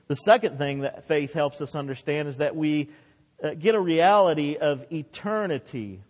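A man's voice: on the high side, darkish tone. Man preaching a sermon in a reverberant hall. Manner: impassioned, voice rising and dropping for emphasis.

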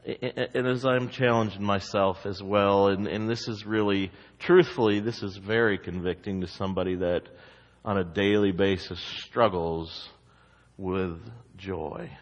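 A male pastor preaching a sermon with expressive delivery, rising to loud emphasis and dropping to slow, quiet asides. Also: fairly low pitch, lo-fi sound. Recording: long hall reverb.

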